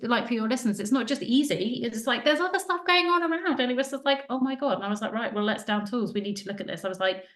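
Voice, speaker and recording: A woman, a podcast guest telling her story in casual, animated talk and acting out what people said. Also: medium pitch. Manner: chatty, animated, acts out quoted dialogue. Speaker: podcast guest, joy coach. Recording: roomy echo.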